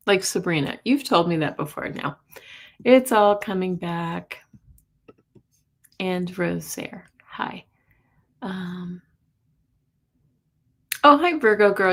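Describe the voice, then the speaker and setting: A woman's voice: medium pitch, fairly bright tone. A woman hosting a casual live stream as a psychic reader, greeting viewers by name in a chatty way.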